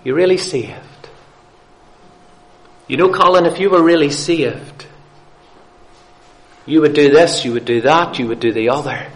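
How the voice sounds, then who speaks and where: A man's voice: fairly high pitch, a little slow, long pauses, natural voice, low-quality recording. A man voicing a sly male devil who plants doubt with insinuating, nagging questions, as part of a sermon.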